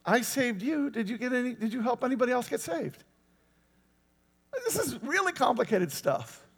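A man with a high voice preaches a sermon in a loose, conversational way. He keeps putting questions to his listeners and waits for their answers. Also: sing-song, normal speed, creaky, husky, big-room sound. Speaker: pastor.

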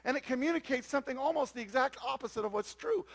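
A male pastor with an extremely high-pitched voice and a gravelly, creaky edge. He delivers his sermon to the congregation and keeps checking in with rhetorical questions. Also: fast, hardly any pauses, fairly bright tone.

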